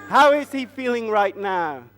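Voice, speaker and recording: A man retelling a Bible story at a church family service, asking the children animated, coaxing questions. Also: high-pitched, unhurried, long reverb tail, faint music behind. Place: church hall.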